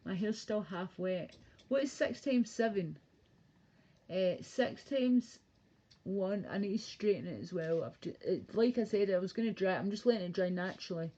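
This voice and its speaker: Her medium-pitched voice is dark in tone yet lively in intonation, at a moderate pace. Livestreaming from her bedroom over dull lo-fi audio, this young woman chats crudely, rambling and laughing.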